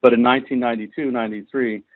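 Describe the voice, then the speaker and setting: A man's voice: mid-range voice, steady tone, rapid-fire, no echo. Passionate man on a tinny line. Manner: passionate and long-winded. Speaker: filmmaker guest. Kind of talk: interview storytelling. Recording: tinny dry phone-like line.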